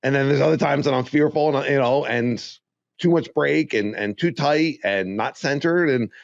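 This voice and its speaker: A man's voice: medium pitch, moderate pace, vocal fry, dry recording. A man co-hosting a casual podcast, talking in an upbeat, rambling way with many restarts. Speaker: podcast co-host. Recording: slightly dull, dry sound.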